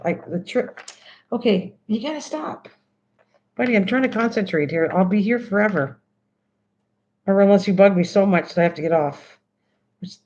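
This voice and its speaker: A woman's voice: mid-range voice, darkish tone. An older woman hosting a crafting livestream, chatting casually and laughing as she talks to her cat and viewers. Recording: dull lo-fi sound.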